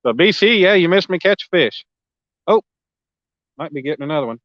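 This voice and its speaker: A man hosting a casual night fishing livestream, chatting easily with viewers and often clearing his throat. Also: fairly high pitch, expressive, brisk, dry recording, muffled recording. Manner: laid-back, frequent throat clearing, reads chat aloud. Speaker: livestream host. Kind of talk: casual chat with live viewers. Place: outdoors at a riverbank at night.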